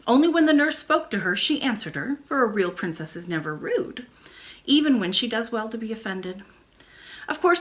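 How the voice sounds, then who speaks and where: Expressive woman reading a bedtime story. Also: on the high side. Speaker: library storytime reader. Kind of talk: bedtime story read aloud.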